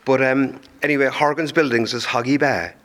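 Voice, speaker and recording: A man from Cork speaks with a Cork accent, meandering through anecdotes with hesitations and restarts. His voice sits at an ordinary middle pitch. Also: fairly even intonation, moderate pace, fairly bright tone. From Cork, Ireland. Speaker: musician. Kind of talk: casual interview.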